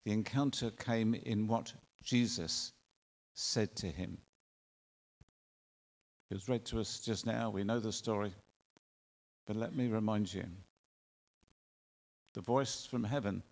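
A male preacher delivering a sermon in an earnest way, with drawn-out emphatic phrasing and rhetorical questions. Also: fairly low pitch, fairly even intonation, creaky, darkish tone. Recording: long reverb of a large hall.

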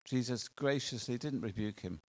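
A man's voice: mid-range voice, normal speed. A man preaching a sermon in an earnest, conversational way, asking the congregation questions.

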